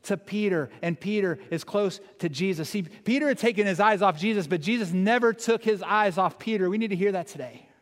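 A man's voice: high voice, brisk, few pauses. A male pastor preaching a sermon in an earnest, conversational way, asking the congregation questions. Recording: long church hall reverb.

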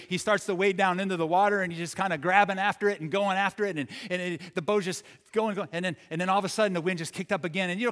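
Man, storyteller, halting delivery, slightly high pitch, long hall reverb. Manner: halting, repeats words, swings from excited to hushed. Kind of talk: told story.

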